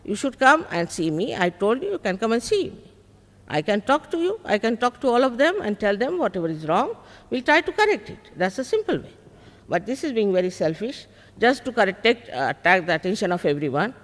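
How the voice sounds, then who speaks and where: A woman's voice: a little high, sing-song, fairly quick. An older woman, a spiritual teacher at a public talk, firmly scolding and repeating her points. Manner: firm, scolding, repeats herself. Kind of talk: public talk, heated exchange with audience. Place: large public hall. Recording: long reverb of a large hall.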